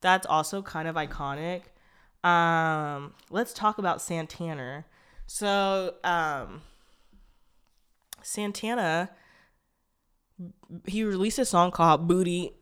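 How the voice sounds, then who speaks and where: A podcast host ranting in a blunt, profane way, jumping fast between tangents, stuffy-nosed from allergies. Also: mid-range voice, fairly bright tone, smooth. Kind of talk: casual solo podcast rant.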